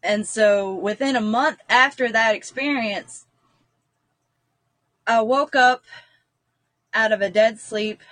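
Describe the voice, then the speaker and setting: A woman, a guest, tells a personal story in an earnest, meandering way, leaning on "like" as she goes. Her voice sits somewhat high. The sound is dry and close, with no room around it. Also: takes it slowly, long pauses, fairly bright tone, no echo. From North Carolina, US. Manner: earnest, rambling with frequent "like".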